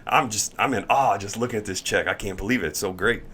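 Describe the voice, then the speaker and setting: A man, a pro baseball pitcher, telling a story in casual chat and acting out the voices of the people in it. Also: fast talker, a little hiss or hum. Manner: animated, acts out quoted voices, laughs while telling. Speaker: guest, MLB pitcher.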